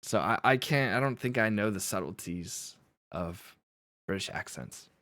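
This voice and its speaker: A livestream host with a lowish, bright voice and a forceful tone talks at a measured pace. He chats casually with his chat about accents, laughing and making fun of himself.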